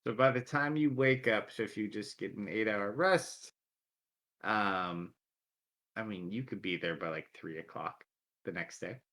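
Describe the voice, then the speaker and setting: Bright-voiced man running a tabletop game. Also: on the low side, a little slow. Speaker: dungeon master.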